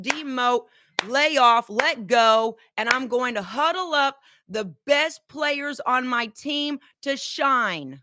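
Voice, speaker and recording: A woman in her forties giving an energetic motivational pep talk as coach and host, urging listeners to repeat affirmations after her. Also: sits high, no room sound, studio quality. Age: 40s. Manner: energetic, exhorting, call-and-response.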